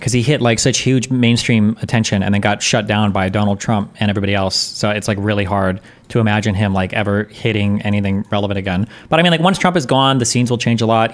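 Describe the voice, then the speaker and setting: A man commenting live on his stream in a blunt, mocking, profane way. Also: lowish voice. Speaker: streamer reacting to clips.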